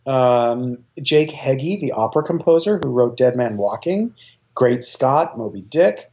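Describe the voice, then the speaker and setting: Eagerly enthusiastic, a man who is a choir director and guest rambles through a casual interview at a measured pace, correcting himself and using fillers often. His medium-pitched voice, mellow and dark, has lively intonation, though the recording comes across dull and lo-fi.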